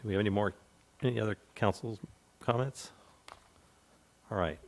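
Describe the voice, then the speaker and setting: Gravelly mayor calling on speakers. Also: male voice, on the low side, moderate pace. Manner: brief, procedural. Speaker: mayor chairing meeting. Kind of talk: chairing a council meeting.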